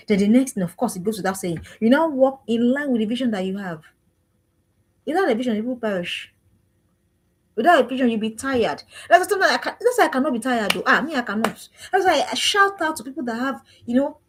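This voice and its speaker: Husky woman, lively high voice. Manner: emphatic, preachy, heavy repetition. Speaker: parenting coach. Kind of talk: motivational parenting talk.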